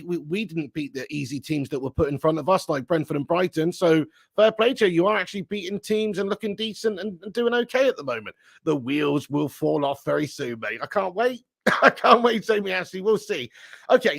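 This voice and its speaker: A man's voice: sits high, gravelly, dry recording. Man, live-stream host, banter, dry close mic. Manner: banter-heavy, teasing chat readers with swearing. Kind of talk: casual live-stream chat.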